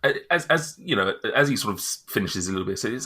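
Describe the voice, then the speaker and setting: Game master, low voice with a bright edge, halting narration. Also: male voice, expressive, husky. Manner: halting, filler-heavy narration.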